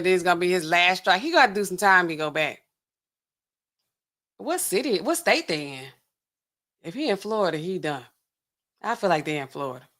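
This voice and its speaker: Her voice is fairly low in pitch and a bit bright. She's a young pharmacist running a casual reaction stream, chatting straight to the audience and laughing a lot.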